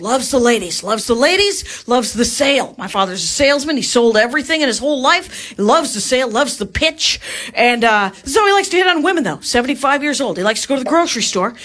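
A woman's voice: high voice, fast. A woman performing a stand-up comedy routine, telling stories and acting out the lines of the people in them. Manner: animated storytelling, acts out quoted lines. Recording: live club with crowd laughter. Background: audience laughing.

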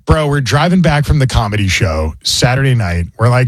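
A man's voice: medium pitch, sing-song, normal speed, hardly any pauses, dry recording. A man hosting a radio show, telling jokey stories in casual banter. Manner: jokey storyteller, mock pronunciations.

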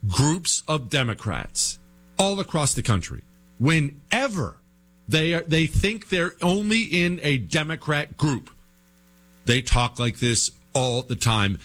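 A male talk show host with a slightly raised pitch, running a political monologue. He is combative and sarcastic, and he drives his points home by repeating them. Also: lively intonation, slow, a bit bright. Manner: combative and sarcastic, emphatic repetition.

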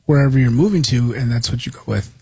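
A man co-hosts a radio talk show with a very raspy voice, heard close and dry with no room sound. He answers the host's jokes in an easygoing, reasoned way. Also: medium pitch, quick pace, warm tone, no room sound. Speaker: radio co-host. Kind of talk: casual talk radio banter.

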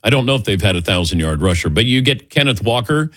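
Husky, lively sports radio host. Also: male voice, lowish voice. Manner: relaxed, conversational, quick to joke. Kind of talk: casual sports radio chat.

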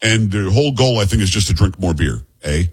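Male podcast host, middle-aged, husky voice, loose and jokey delivery. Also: fairly low pitch, expressive, fast. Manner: rambling, joking asides, teasing his co-host. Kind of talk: casual talk-show chat.

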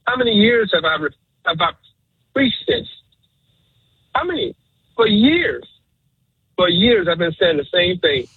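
A man's voice: sits high, very animated, unhurried, long pauses, breathy edge, no room sound. Emotional man on a tinny phone line. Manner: emotional, preachy and repetitive. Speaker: radio caller. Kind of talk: call-in radio talk.

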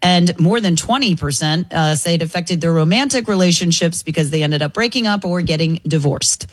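A woman's voice: lowish voice, a little fast, breathy edge, dry recording. A woman co-hosting a talk show, reading news items in a matter-of-fact, casual way with light fillers. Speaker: radio news reader and co-host.

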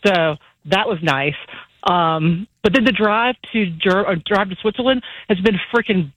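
A woman's voice: medium pitch, unhurried, a bit bright, dry recording, low-quality recording. A bubbly, chatty woman in her forties calling in to a radio show, a bit tipsy and laughing as she tells stories. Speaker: caller. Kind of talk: phone call into a radio show.

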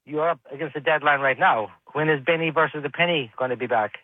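A chatty male caller with a slightly high voice. He fires off quick questions over a thin, tinny phone line. The line sounds dry. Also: dry recording.

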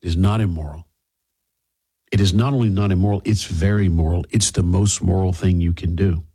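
A man's voice: sits low, fairly even intonation, a little fast, warm tone, slightly rough, rough recording. A man from Texas hosting a talk radio show, giving emphatic commentary with sarcastic asides.

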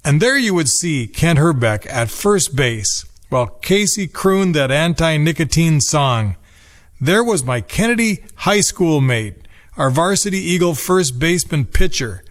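A man in his fifties from Minnesota reading a nostalgic personal essay in a measured, reflective way. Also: on the high side, expressive. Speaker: narrator. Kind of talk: scripted personal essay narration.

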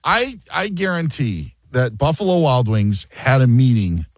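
A man's voice: medium pitch, very animated, unhurried, no room sound. A man hosting a sports radio show, chatting casually and joking, often mimicking other people mid-story.

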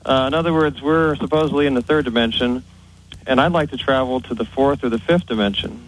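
A man's voice: medium pitch, a little fast, poor audio. A man calling in to a radio show, nervous and earnest as he explains his plans. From United States. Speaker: caller. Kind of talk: phone-in chat.

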